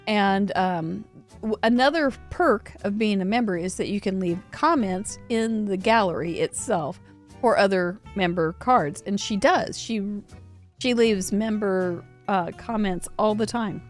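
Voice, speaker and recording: A woman's voice: medium pitch, a little slow, faint music behind. A woman hosting a live cardmaking show, chatting casually and rambling with frequent giggles and restarts. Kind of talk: casual livestream chat.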